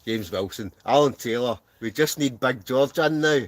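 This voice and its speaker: A man's voice: medium pitch, moderate pace, dry recording. A Scottish man hosting a live stream from inside a camping tent, reading out viewers' comments with lots of jokes and laughter. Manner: jokey, laughs often, reads names aloud. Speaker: wild camping channel host.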